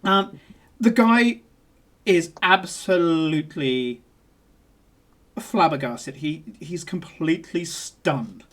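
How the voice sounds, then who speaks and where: A game master narrating a tabletop game in a playful, chatty way. The voice sits at an ordinary middle pitch, and the pace often speeds up mid-scene. Laughter and frequent filler words run through the telling. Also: slow pace, pauses often, fairly bright tone.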